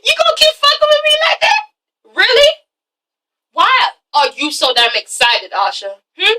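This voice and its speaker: A woman's voice: a little high, sing-song, a little slow, recorded from a distance, heavy background noise. A woman mimicking a jealous, angry young man in a confrontational, profane way while recapping a show.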